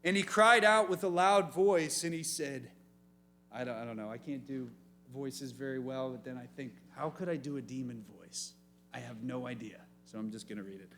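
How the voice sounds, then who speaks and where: A man as youth pastor, preaching an animated sermon and asking the room questions. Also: mid-range voice, normal speed, a little hiss or hum. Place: church youth meeting room.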